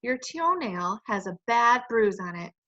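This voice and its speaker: A gentle, patient mother, read by a woman in a storybook, with a bright, fairly high voice that stays calm and soothing. The recording is dull and lo-fi. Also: measured pace, exaggerated voice.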